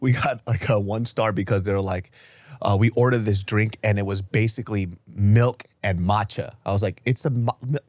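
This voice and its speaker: A man co-hosting a podcast, telling stories in casual, profane, animated chat. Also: lowish voice, normal speed, no room sound. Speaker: podcast co-host.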